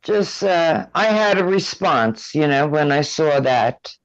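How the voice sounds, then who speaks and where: An older man on a livestream talking in casual chat with a slow drawl that can sound slurred. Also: on the high side, animated. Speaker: livestream guest. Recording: dull lo-fi stream audio.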